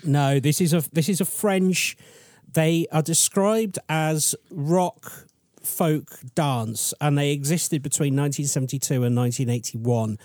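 A man's voice: on the high side, a little slow, darkish tone, dry recording, studio quality. A man co-hosting a podcast, telling a story in a chatty, rambling, self-deprecating way. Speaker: podcast co-host presenting the story. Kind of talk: casual storytelling chat.

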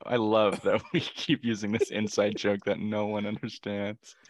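A man's voice: on the low side, little pitch movement, moderate pace, dry recording. A man joking around in a playful way during a casual podcast chat, laughing often. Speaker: podcast co-host.

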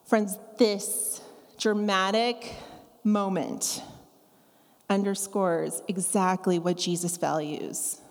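A woman preaching a sermon, talking conversationally and acting out scripture quotes with lively asides. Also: medium pitch, slow pace. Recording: long reverb of a large hall.

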